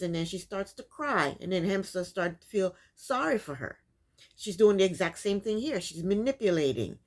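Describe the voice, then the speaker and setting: A woman's voice: mid-range voice, expressive, normal speed, darkish tone. A woman casually recapping a reality TV episode, opinionated and repetitive, with frequent ums. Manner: opinionated, many ums, repeats points.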